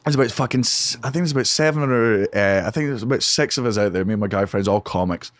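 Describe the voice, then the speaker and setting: A man, a comedian guest on a podcast, telling a story in a lively, profane, casual way. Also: on the low side, fast talker, no echo. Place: home podcast studio.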